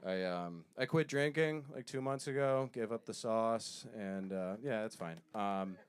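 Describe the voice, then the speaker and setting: A man's voice: fairly low pitch, smooth. Self-mocking male stand-up comic. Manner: self-deprecating storytelling with quick asides. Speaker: stand-up comedian. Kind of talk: stand-up set.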